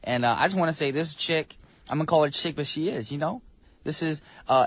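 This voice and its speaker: A man's voice: a little high, fairly quick, dry recording. A man with a New Jersey accent hosting a radio show in a studio, talking in a playful, slangy way. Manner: playful, slangy, laughs easily. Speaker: radio DJ host. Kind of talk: casual radio chat. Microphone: studio mic.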